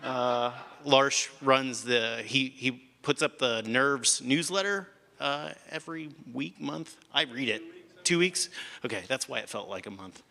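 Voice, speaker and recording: A man's voice: mid-range voice, unhurried, gravelly, few pauses, bright, forceful tone, long reverb tail. A man introducing a speaker on stage at a conference, chatty and joking. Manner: chatty, joking, with many fillers. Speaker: conference host. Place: large conference hall.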